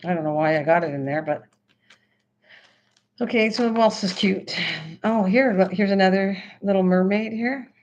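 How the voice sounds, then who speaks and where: A woman hosting a casual craft livestream, chatting excitedly and answering her chat as she goes. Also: mid-range voice, moderate pace, long pauses. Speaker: livestream host. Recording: slightly dull lo-fi stream audio.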